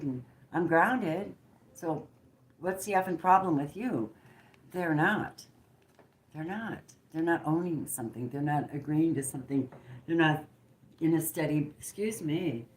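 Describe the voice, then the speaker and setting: Woman tarot reader, deep voice, roomy echo, channeling spontaneously, emphatic and blunt. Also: moderate pace. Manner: emphatic and preachy, swinging between hushed and forceful, with blunt swearing. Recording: roomy echo with faint background noise.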